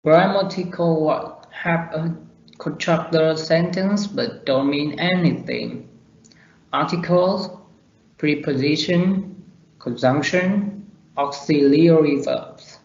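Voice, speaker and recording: A man reading a class presentation on weak and strong word forms, slowly and deliberately. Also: fairly high pitch, vocal fry, darkish tone. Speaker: student presenter. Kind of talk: reading a pronunciation lesson. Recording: roomy, dull lo-fi recording.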